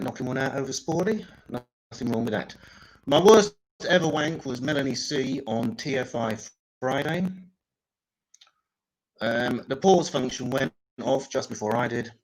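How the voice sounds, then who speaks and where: Deadpan stand-up man. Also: medium pitch, low-quality recording. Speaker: stand-up comedian. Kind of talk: improvised stand-up.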